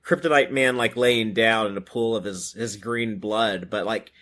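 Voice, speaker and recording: A man co-hosting a podcast, describing comic panels in a halting way full of "like" and "uh". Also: on the low side, fairly bright tone. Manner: halting, many fillers and "like". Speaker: podcast co-host. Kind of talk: casual chat about comics.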